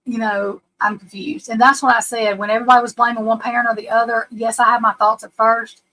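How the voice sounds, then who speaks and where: Blunt rambling woman, slightly high voice. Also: little pitch movement, fast, pushed and bright, rough recording. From United States. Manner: rambling, restarts sentences, frank and blunt; swears casually. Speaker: live stream host. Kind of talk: casual live stream chat.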